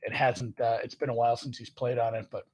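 A man's voice: fairly even intonation, fast, a little mellow, breathy edge. A man hosting a casual sports betting chat, rambling and poking fun at himself. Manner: rambling, self-mocking, jumps in pitch. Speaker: sports betting podcast host.

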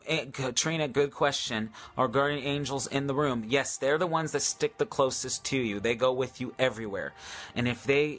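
Man, chatty host answering viewer questions, eager, lots of ums, mid pitch, faint music behind. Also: fairly bright tone. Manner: enthusiastic, hesitant with many ums and restarts. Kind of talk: casual live Q&A about faith.

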